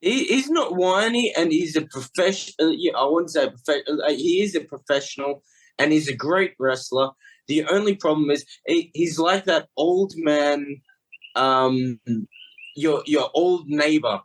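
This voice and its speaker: A man's voice: fairly high pitch, unhurried, poor audio. A man guesting on a podcast as a wrestler, chatting casually and telling stories that trail off and restart. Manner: storyteller who trails off and restarts.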